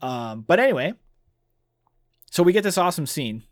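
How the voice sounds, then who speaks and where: Man, book podcast host, enthusiastic, very lively pitch, dry close sound. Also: moderate pace, no room sound. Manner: enthusiastic, reads passages aloud. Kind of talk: casual book discussion.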